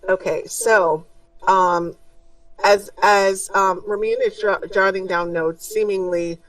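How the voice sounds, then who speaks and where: A woman narrating a tabletop game as game master, unhurried and descriptive, with frequent fillers. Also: lowish voice, fairly bright tone, no echo. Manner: unhurried, many ums, descriptive. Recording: distant mic, dry room.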